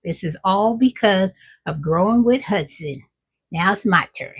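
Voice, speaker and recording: A woman's voice: mid-range voice, expressive, a little slow, slightly rough. A middle-aged woman hosting her own cooking vlog, chatting with viewers while she tastes her food. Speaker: cooking vlogger. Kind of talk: casual cooking vlog chat.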